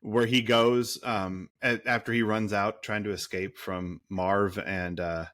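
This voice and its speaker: A man's voice: lowish voice, fairly even intonation, measured pace, a bit bright, no room sound. A man co-hosting a movie podcast in casual chat, rambling and cursing, full of fillers and restarts. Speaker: podcast co-host.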